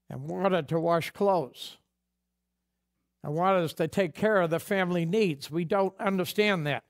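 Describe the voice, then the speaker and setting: A man preaching a sermon as pastor, folksy and conversational, acting out bits of dialogue. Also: high-pitched. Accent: New England.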